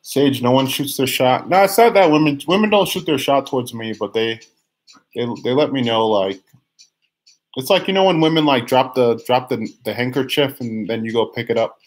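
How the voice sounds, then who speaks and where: A young man giving live tarot readings on a stream, chatty and teasing, reading viewer comments aloud, often restarting his phrases. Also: medium pitch. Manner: many restarts and drawn-out phrases, sometimes sings a line. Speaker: tarot reader.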